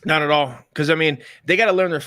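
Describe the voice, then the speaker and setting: Fields: Sex: man. Role: podcast co-host. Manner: deadpan, very profane, riffing in character. Sound: dry, close. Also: a little high, fast, no echo. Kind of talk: crude improvised comedy bit.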